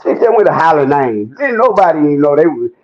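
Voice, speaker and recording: A man rants in a high, swooping voice, mocking and loud, with frequent swearing and laughter. The recording sounds dull and lo-fi. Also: big pitch swings, fast talker. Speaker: commentator. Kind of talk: animated ranting commentary.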